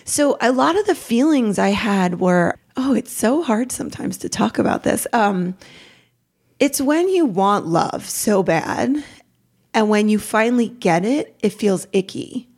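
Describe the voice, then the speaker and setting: Halting, emotional woman podcast guest. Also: mid-range voice, animated, darkish tone, husky. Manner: halting, emotional, self-deprecating, laughs through hard moments. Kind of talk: candid personal interview.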